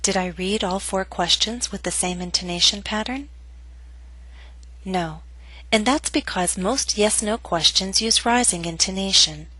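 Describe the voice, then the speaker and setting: Slow, clear woman teaching pronunciation. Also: medium pitch, pushed and bright, no room sound, rough recording. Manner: clear, deliberate, modeling each phrase. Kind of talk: slow, careful lesson narration.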